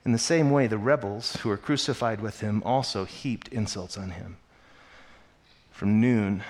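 A man preaching a sermon, reading scripture aloud and stopping to explain it in a casual, conversational way, growing animated as he poses questions. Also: on the low side. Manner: animated when voicing questions. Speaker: pastor.

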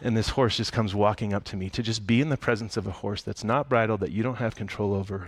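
A man's voice: on the low side, fairly even intonation, fast, few pauses, dry recording. A man preaching a sermon in a conversational, humorous storytelling way. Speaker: pastor.

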